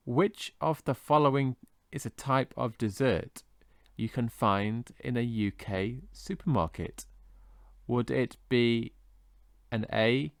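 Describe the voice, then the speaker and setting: A man teaching English vocabulary in a scripted lesson, slowly and carefully modelling how each word is pronounced. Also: medium pitch, no echo, clean studio sound. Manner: slow, careful modelling of pronunciation.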